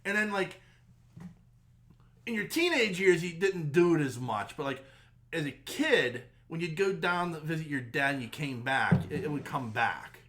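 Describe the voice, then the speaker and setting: A man's voice: fairly high pitch, moderate pace. A man co-hosting a casual podcast, teasing his friend and acting out voices in his stories. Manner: animated teasing, mimics voices in quotes. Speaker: podcast co-host. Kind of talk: casual chat.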